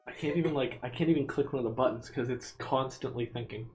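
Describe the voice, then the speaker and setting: A man's voice: mid-range voice, fairly quick, a little mellow, soft background music. A man streaming himself as he reads a text adventure game aloud, in a casual, amused way with asides. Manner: casual, amused, with frequent laughs.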